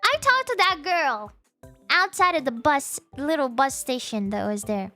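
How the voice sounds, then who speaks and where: A young woman streamer telling a story casually, animated and exclaiming as she acts out her own reactions. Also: high voice, measured pace, faint music behind.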